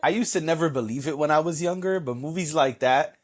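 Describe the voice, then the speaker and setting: A man's voice: on the high side, quick pace. A young adult man co-hosting a casual chat, acting out his own reactions as he talks. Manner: animated, acts out quoted reactions. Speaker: co-host.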